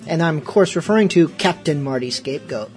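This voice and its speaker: A man's voice: on the high side, animated, brisk, faint music behind. A man hosting a casual online radio show, rambling in self-mocking banter between segments. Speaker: host.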